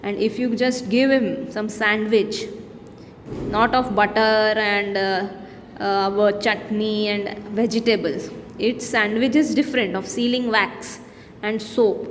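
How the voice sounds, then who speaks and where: A woman's voice: medium pitch, brisk. A woman teacher with an Indian English accent, reading poem lines aloud and explaining them in simple words to young students. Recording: long-reverb room with faint background noise.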